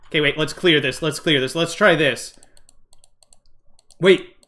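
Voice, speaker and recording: A man with a high, bright voice gives a let's-play gaming commentary. He narrates each move aloud and addresses his viewers as "guys". He is excitable and jumps at every surprise. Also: unhurried, long pauses. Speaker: gaming channel host.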